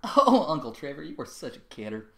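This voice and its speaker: A man's voice: fairly high pitch, huge pitch swings, fairly quick, vocal fry, echoey room, full character voice. A man doing an anxious young filly. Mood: nervous. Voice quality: pleading, nervous.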